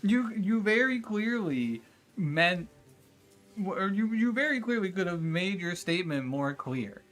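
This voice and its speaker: A man with a high-pitched, animated voice speaks unhurriedly in a slightly bright tone over soft background music. He's livestreaming a game and chatting casually with viewers, ranting, swearing and arguing with his chat in exasperation.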